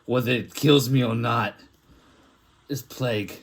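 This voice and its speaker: This artist's unhurried, mid-range voice has a breathy edge. He's improvising a crude, rambling comic monologue in the role of a filthy plague doctor from a back-alley town.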